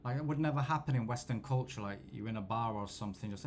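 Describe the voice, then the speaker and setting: A man's voice: quick pace, a little hiss or hum. Laid-back man rambling. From England. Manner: rambling, self-deprecating, low-key. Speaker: football watchalong host. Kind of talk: casual storytelling chat.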